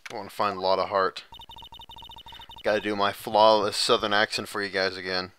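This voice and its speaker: A man's voice: on the low side, flat delivery, normal speed, a bit bright, a little hiss or hum. Man mumbling game commentary. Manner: mumbled asides, self-mocking. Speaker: let's play host.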